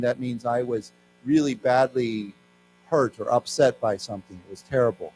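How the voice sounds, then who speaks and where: American guy teaching an english class, goes over words slowly, bits of mandarin, faint hum and music behind. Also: medium pitch, a little mellow, rough recording. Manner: explains words slowly, has the class repeat them. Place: lecture room with audience.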